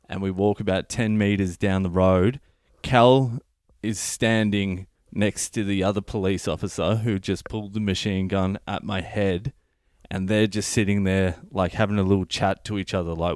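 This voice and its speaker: Australian male comedian, low voice, dry close sound, sweary animated storyteller. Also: normal speed, clear, resonant tone, no room sound. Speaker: comedian and podcast host. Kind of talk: comic storytelling monologue.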